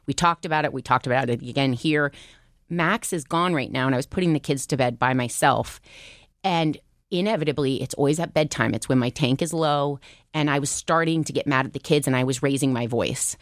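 A woman co-host chatting candidly in a podcast conversation, animated and quick with asides. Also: very deep voice, no echo, studio quality. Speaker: talk show co-host.

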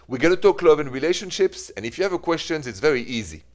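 A man from France with a French accent, hosting a call-in love and relationships radio show, unhurried and mixing in French greetings. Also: on the high side, big pitch swings. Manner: warm-toned, unhurried, mixes French greetings into English. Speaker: radio advice show host.

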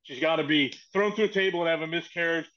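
A former wrestling writer, appearing as a podcast guest, tells a backstage story in a casual, profane way and acts out the quoted lines. He speaks fast, with a fairly high pitch and fairly bright tone. The sound is muffled and lo-fi.

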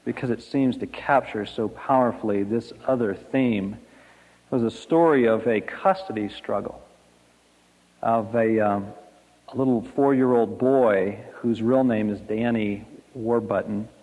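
A male preacher delivering a sermon in a measured, reflective manner, stopping briefly to gather his thoughts. His voice sits a little low. The sound carries the long reverb of a big hall. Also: steady tone, darkish tone.

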